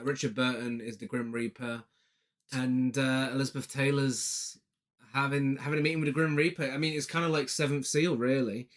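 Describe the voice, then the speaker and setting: Guy cohosting a movie podcast, playful and jokey, middle pitch, casual chat. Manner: playful, chatty, joking asides. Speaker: podcast co-host.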